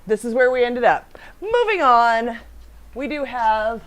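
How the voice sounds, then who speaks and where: A woman's voice: a little high, sing-song, unhurried. A woman hosting a casual baking livestream, chatting with her co-host, reading viewer comments aloud and laughing often.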